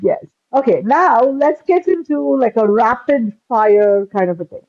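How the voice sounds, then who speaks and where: A woman's voice: fairly high pitch, measured pace, no echo. Woman host on a tinny dry line. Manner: chatty, storytelling with fillers. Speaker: podcast host, cardiologist. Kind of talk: interview hosting.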